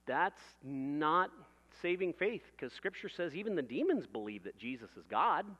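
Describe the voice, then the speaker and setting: A man's voice: a little high, sing-song, moderate pace, bright, forceful tone, breathy edge, long reverb tail, lo-fi sound. A man preaching a sermon in a conversational way, building vivid everyday illustrations and laughing at his own jokes.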